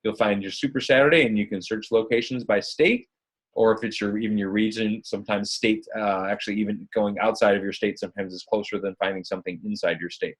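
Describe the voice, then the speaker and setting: A man with a slightly husky voice running a live online coaching session. He talks in an upbeat, chatty way and keeps calling his listeners guys. He sounds like he is on a computer mic during a screen-shared video call. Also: fairly low pitch, fairly even intonation, fast. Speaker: fitness business coach.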